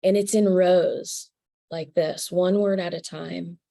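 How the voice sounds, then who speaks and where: A woman telling a personal spiritual story to an audience, earnest and halting, with fillers and soft laughs. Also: lowish voice, steady tone, gravelly.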